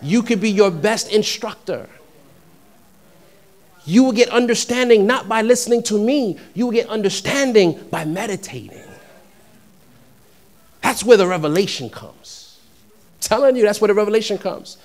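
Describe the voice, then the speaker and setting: A young adult man from New York preaching a sermon, shifting between conversational storytelling and loud, emphatic peaks. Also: high voice, animated, normal speed, pauses often. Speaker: pastor.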